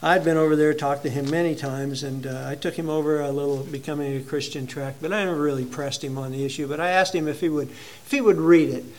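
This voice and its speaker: A male pastor preaching a sermon in a conversational, halting way, telling a personal story to his congregation. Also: on the high side, steady tone, a little hiss or hum.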